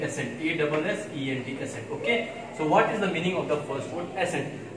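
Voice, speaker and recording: A man's voice: a little high, far from the mic. A man with an Indian English accent teaching an English vocabulary lesson, spelling words letter by letter and often switching into Hindi. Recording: echoey room, voice off-mic, faint background noise.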